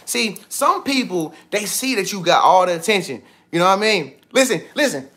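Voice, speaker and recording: A man giving casual motivational talk on a livestream, slangy and animated, repeating himself often. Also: high-pitched, normal speed. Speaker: vlogger. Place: indoors with TV and iPad.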